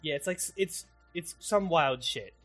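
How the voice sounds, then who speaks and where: Excitable, foul-mouthed podcast man. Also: on the high side, normal speed, soft background music. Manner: animated, heavily profane, excitable. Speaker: podcast host. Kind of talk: casual chat recapping an anime.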